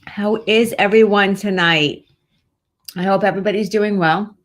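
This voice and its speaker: A woman's voice: medium pitch, steady tone, moderate pace. A woman hosting a live pet-medium show, chatting casually and rambling reassuringly with plenty of fillers. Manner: warm-hearted, reassuring, rambling with many fillers. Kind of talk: casual live-stream chat.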